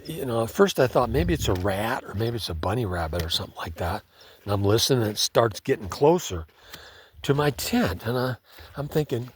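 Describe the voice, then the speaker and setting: A man's voice: mid-range voice, lively intonation, moderate pace, a little hiss or hum. A man telling a story in a laid-back, conversational way, often saying "man". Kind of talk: casual spoken storytelling.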